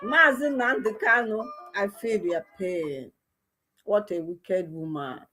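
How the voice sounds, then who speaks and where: A woman with a Nigerian Igbo accent talks passionately into a livestream. She mixes quiet, grieving lines with sudden loud cries. Her voice sits at an ordinary middle pitch. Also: slow, soft background music. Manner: impassioned, swings between soft lament and loud outbursts. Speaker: livestream host. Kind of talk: emotional livestream commentary.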